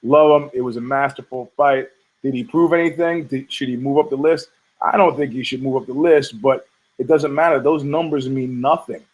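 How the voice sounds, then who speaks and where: A man's voice: medium pitch, steady tone, moderate pace, a little mellow, husky, poor audio. A middle-aged man hosting a podcast, ranting in a rambling, sarcastic, profane way. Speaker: podcast host. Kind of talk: casual rant.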